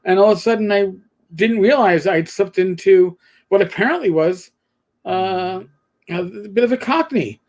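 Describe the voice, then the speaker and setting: A man's voice: high-pitched, normal speed. Rambling older New man. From New York. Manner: rambling, animated storytelling with restarts. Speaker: co-host. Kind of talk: casual chat.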